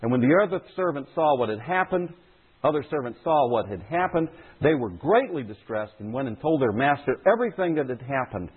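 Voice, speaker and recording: A man's voice: mid-range voice, big pitch swings, a little fast, husky. A man preaching a sermon as a pastor, speaking with emphasis and repeating key phrases for stress. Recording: tinny phone-like audio.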